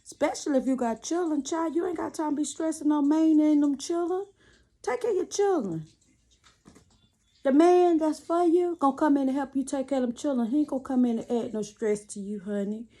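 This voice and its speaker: A woman's voice: on the high side, warm tone. A woman chatting casually to camera from a small cluttered room at home, giving sassy, preachy relationship advice while she laces shoes. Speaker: vlogger.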